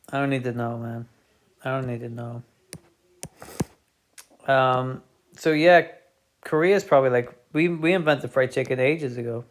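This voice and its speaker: A man's voice: mid-range voice, steady tone, unhurried, long pauses. A British man streaming, telling a meandering comedic monologue with chatty, offhand asides.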